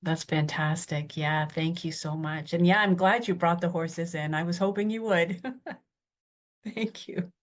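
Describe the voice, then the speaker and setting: A woman's voice: on the low side, steady tone, unhurried. A woman moderating a panel, thanking speakers appreciatively and inviting the next one to share.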